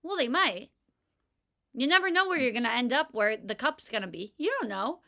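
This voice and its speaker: A woman's voice: a little high, animated, moderate pace, sharp tone. A young woman co-hosting a casual podcast chat, giggly and opinionated with a playful manner. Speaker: podcast co-host.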